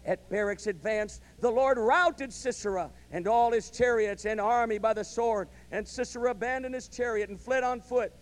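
High-voiced man preaching with rising fervor. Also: normal speed, few pauses. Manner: storytelling preacher who builds to loud, emphatic calls of amen. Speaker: pastor. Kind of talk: sermon.

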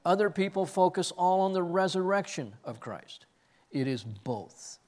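A man's voice: high voice, very animated, unhurried, a little mellow. A man preaching an expository sermon, earnest, who often repeats words as he searches for the next ones. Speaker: pastor. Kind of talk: expository sermon with personal story.

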